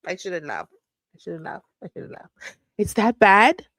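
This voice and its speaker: A woman's voice: medium pitch, expressive, normal speed, dry recording. A woman hosting a casual livestream from home, chatting, laughing often and reading viewer comments aloud. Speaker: livestream host.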